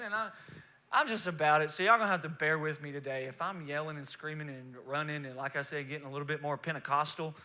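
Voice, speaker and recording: High, bright-voiced fervent pastor. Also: male voice. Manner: emotional, swings from soft confiding to shouting fervor. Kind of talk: sermon. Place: church sanctuary.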